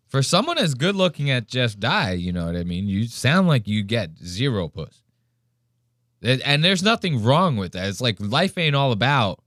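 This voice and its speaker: A man's voice: medium pitch, no echo. Podcast guy, swears a lot, does little voices of people, dry close mic. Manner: profane, animated, mimics people mid-story. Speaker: podcast host. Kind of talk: casual podcast chat.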